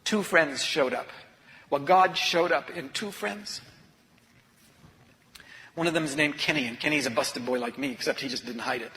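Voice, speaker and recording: A man, an author and speaker, telling a personal story in an earnest, confessional way that moves from hushed to intense. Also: fairly high pitch, moderate pace, pauses often. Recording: long reverb of a large hall.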